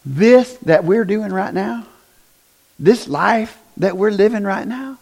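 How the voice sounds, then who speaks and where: A man preaching a conversational sermon, often asking the congregation questions and rising to loud, emphatic bursts. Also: sits high, takes it slowly, gravelly. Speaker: pastor.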